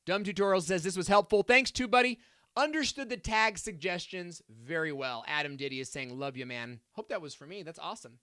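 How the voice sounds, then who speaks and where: A man with a bright, clear voice hosts a live Q&A stream, reading viewer comments aloud. He talks in an upbeat, chatty way, full of fillers and playful asides. The sound is dry and close. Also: high voice, brisk, no room sound.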